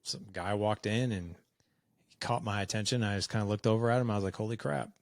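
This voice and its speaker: A man's voice: lowish voice, steady tone, quick pace, dry recording, clean studio sound. A man in his forties, a podcast guest, telling a personal story in a frank, conversational way and acting out the dialogue. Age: 40s.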